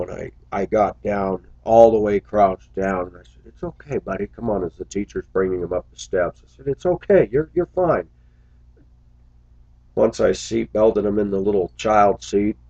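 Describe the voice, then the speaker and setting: A man's voice: low-pitched, darkish tone, no echo, highs cut off. A man who drives a school bus, talking earnestly to his viewers in a casual, reflective monologue full of little stories.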